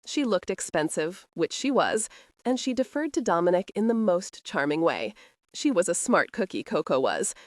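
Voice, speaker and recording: A woman narrating a romantic thriller audiobook with expressive storytelling. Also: fairly low pitch, normal speed, no echo, clean studio sound.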